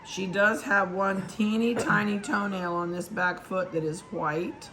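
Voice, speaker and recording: A woman's voice: medium pitch, fairly even intonation, unhurried, fairly bright tone, slight background noise. A woman dog breeder chatting casually and affectionately as she handles puppies at an indoor table and talks to them.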